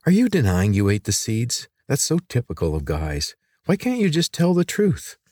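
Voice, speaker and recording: A man voicing a sharp-tongued teenage girl inventor in a read-aloud story, blunt and sarcastic. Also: medium pitch, huge pitch swings, moderate pace, no echo, studio quality, voice pushed up. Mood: sarcastic, probing.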